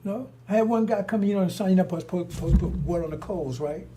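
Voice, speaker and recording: Blunt, rambling older man, slightly high. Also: fast, warm tone, a little hiss or hum. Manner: blunt and confrontational, with frequent restarts and profanity. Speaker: storyteller. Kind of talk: rambling casual monologue.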